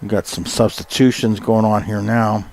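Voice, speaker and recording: A man doing casual, folksy play-by-play for a high school soccer game, chatty with plenty of fillers and quickening when a shot comes. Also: little pitch movement, darkish tone, a little hiss or hum. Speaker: play-by-play announcer. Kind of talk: casual sports commentary.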